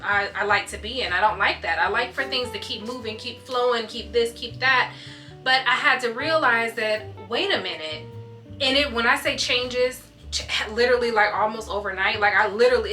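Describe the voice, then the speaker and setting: A woman's voice: on the high side, bright, forceful tone. A young adult woman vlogger in casual confessional chat, candid and rambling, often repeating herself. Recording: light guitar music behind.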